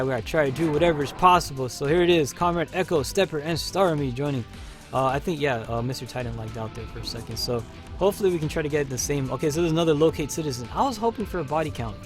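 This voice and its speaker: A man hosting a live stream and commenting on his gameplay, chatty and excitable, calling his teammates comrade. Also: medium pitch. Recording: faint game music behind.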